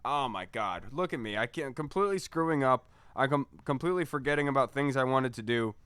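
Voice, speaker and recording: A man's voice: mid-range voice, animated, a little fast, a bit bright, clean tone, dry recording, clean studio sound. A man hosting a casual sports podcast, chatty and rambling as he wraps up. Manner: chatty, rambling sign-offs. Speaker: podcast host.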